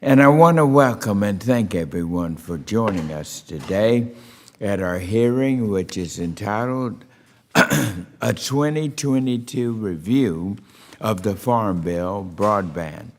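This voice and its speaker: A man chairing a committee hearing, giving formal opening remarks in a deliberate manner with frequent "uh" fillers. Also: lowish voice, animated, in a large hall. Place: hearing room.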